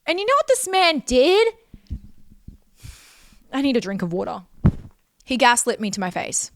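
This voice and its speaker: A woman's voice: high-pitched, huge pitch swings, normal speed, background noise. A young Australian woman telling a personal story with intense, profane emphasis and repeated phrases. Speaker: vlogger.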